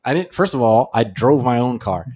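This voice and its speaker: A man co-hosting a comedy podcast, telling a story in a casual, animated way. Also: mid-range voice, fairly quick, slight background noise. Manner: animated, acts out quotes of others. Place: New York area.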